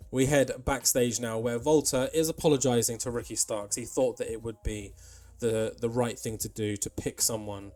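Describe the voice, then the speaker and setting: A man's voice: on the low side, a little mellow. A young man giving rambling casual commentary over a wrestling management game, with plenty of ums and asides. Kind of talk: casual let's-play commentary.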